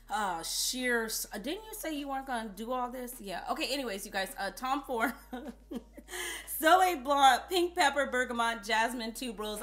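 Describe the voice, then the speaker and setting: A woman's voice: fairly high pitch, a bit bright. A woman vlogger telling chatty, playful stories straight to her viewers. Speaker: beauty vlogger. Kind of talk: casual storytelling vlog.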